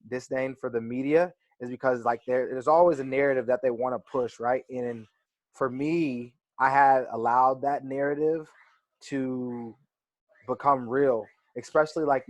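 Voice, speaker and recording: A man's voice: mid-range voice, dry recording. A young man, a wrestler, telling stories in a casual interview, reflective and full of fillers like "like" and "right". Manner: reflective, storytelling with many fillers. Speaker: wrestler guest.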